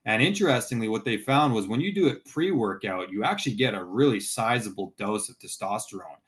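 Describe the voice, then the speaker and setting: A man explains health research on a webinar, confident and plain-spoken, reaching for simple analogies. His voice sits slightly low. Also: expressive, brisk, fairly bright tone. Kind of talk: conversational webinar discussion.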